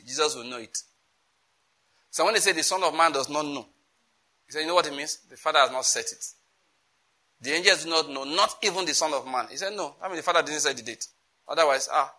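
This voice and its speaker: A man's voice: on the high side, poor audio. A man teaching a sermon on prayer, emphatic, often checking that listeners get his point. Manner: reads scripture slowly and loudly. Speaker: preacher.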